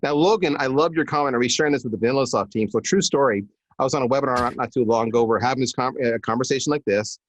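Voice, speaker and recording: Racing along at medium pitch, a middle-aged marketing executive tells anecdotes as a guest on a live podcast. He animates his conversational stories by acting out the quoted lines in a range of voices.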